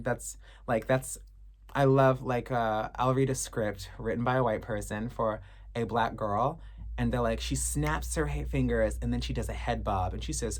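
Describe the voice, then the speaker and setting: A woman's voice: very deep voice, normal speed, darkish tone. A woman in her thirties chatting to camera as she answers fan questions, candid and sassy, swearing freely. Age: 30s. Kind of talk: casual chat to camera.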